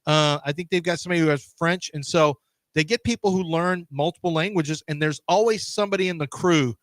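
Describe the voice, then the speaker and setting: A man's voice: a little high, a little fast, no echo. A man hosting a radio show in casual studio banter, telling stories animatedly and acting out the voices. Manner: animated storyteller who acts out voices. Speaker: sports radio host.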